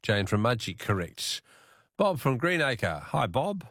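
A man with an Australian accent hosting a talkback radio quiz, chatty and quick to laugh. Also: mid-range voice, very animated, fairly bright tone, no room sound, clean studio sound.

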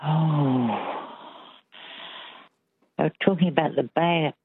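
A woman's voice: low voice, slow, breathy edge, no echo. A woman calling into a radio quiz, modest and friendly, laughing easily. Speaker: radio caller. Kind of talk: casual phone-in chat. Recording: tinny phone line.

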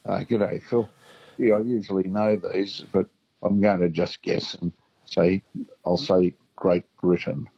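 A man's voice: deep voice, little pitch movement, measured pace, slightly rough, dry recording. A man calling in to a radio quiz, easygoing and hesitant as he guesses. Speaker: caller. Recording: muffled phone line.

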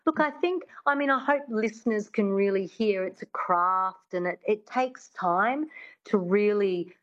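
A woman's voice: medium pitch, unhurried, fairly bright tone, lo-fi sound. A woman, a coach, speaking eagerly and agreeably as a guest on a radio talk show. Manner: enthusiastic, agreeable. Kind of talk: radio interview.

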